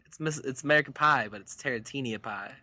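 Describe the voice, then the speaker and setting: A man's voice: medium pitch, fast talker, pushed and bright. A man co-hosting a podcast in casual chat, goofy and fond of making sound effects. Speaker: podcast co-host.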